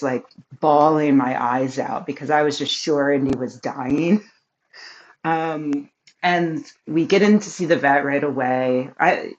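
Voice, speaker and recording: Woman vlogger, casual storytelling, low voice, unhurried, rambling with fillers, slightly dull lo-fi sound. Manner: chatty, rambling with many fillers and laughs. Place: home office.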